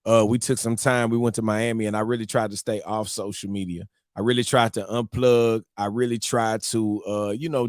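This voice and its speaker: A married man hosting a live-streamed morning show, telling a story to his viewers in a casual, animated, slang-filled way. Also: medium pitch, no echo, clean studio sound. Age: adult, married.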